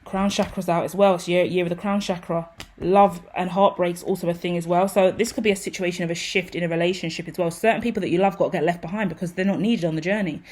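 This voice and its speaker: Lady doing a tarot reading, kinda low voice, rambly and intense, swears a lot. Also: steady tone, fast talker, few pauses, darkish tone. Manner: intense, rambling, swears freely, rising agitation. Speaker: tarot reader. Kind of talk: improvised tarot reading monologue.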